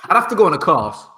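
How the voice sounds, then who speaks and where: A man's voice: sits high, sharp tone. A man co-hosting a podcast, chatting casually and joking dryly, often restarting while he searches for words. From Britain. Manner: dry, joking banter. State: parent. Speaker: podcast co-host. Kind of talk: casual chat.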